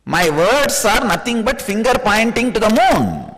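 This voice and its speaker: A man's voice: sits high, big pitch swings, unhurried, a bit bright, big-room sound. A man from India with an Indian accent giving a spiritual discourse, playful and laughing often as he throws out rhetorical questions. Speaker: spiritual teacher.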